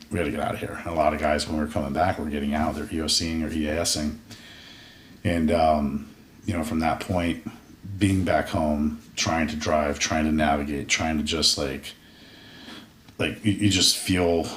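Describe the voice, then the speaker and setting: A man's voice: very deep voice, fairly bright tone. A man in his forties, a military veteran guest on a podcast, telling his story in a candid, profane, casual way and acting out his past thoughts in quoted asides. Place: podcast studio room. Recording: roomy sound from a distant mic with faint noise.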